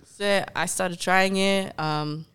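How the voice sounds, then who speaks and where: A woman from Australia, a podcast guest, telling a story in casual chat, laughing often and dropping into softer asides. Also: on the low side, fairly even intonation, slow, smooth.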